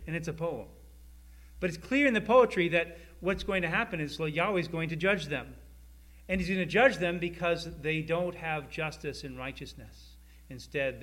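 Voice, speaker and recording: A man's voice: a little high, a bit bright. A man preaching a sermon in a conversational way, asking the listeners questions and acting out quoted speakers. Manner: conversational, asks the audience rhetorical questions; acts out quoted voices in dialogue.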